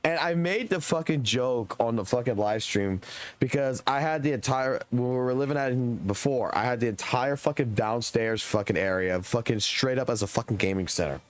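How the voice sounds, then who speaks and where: A man's voice: medium pitch, normal speed. Profane rambling male streamer. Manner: profane, rambling, heated storytelling. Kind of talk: casual storytelling to stream chat.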